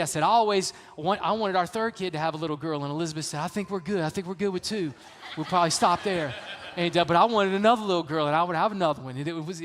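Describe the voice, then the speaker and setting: A man's voice: high voice, fairly bright tone. A middle-aged man preaching a sermon as pastor, emphatic and repetitive, often saying "man". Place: church sanctuary. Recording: reverberant church hall.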